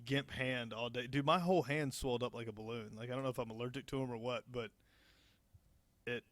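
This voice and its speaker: A man's voice: medium pitch, steady tone, fairly quick, a bit bright, no echo. Laid-back young man telling work stories. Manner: laid-back, profane, laughing through anecdotes. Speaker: podcast co-host. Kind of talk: casual storytelling chat.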